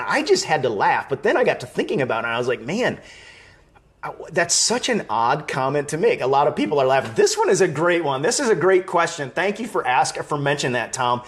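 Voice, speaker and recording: A man's voice: a little high, very animated, brisk. A man from Wisconsin hosting a live fan stream, chatting casually, reading viewer comments aloud and laughing easily. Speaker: live show host.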